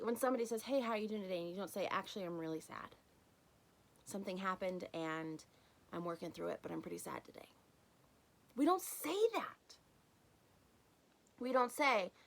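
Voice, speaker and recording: A woman hosting her own podcast, talking straight to the listener in an emphatic, animated way with bursts of loud emphasis. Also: medium pitch, poor audio. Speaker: podcast host. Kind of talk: solo podcast monologue.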